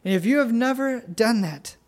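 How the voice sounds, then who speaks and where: A man preaching an earnest sermon, telling family stories and pleading gently with listeners to come to faith. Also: very high-pitched, lively intonation. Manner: earnest, pleading, tender pauses. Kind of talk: sermon with altar call.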